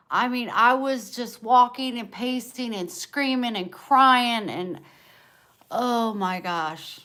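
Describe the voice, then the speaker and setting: A woman's voice: a little high, slow, pushed and bright. A woman livestreaming from home, venting raw and emotional while she answers viewers by name.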